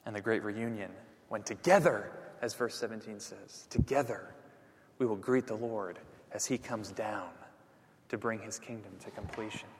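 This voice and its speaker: A man preaching a sermon as pastor, animated, dropping to near whispers for emphasis. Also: on the low side, normal speed, in a large hall, a little hiss or hum.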